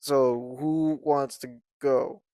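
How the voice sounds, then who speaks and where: A man's voice: medium pitch, fairly even intonation, very slow, warm tone, no echo. A man co-hosting a podcast in casual chat, joking and laughing often as he rambles. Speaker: podcast co-host.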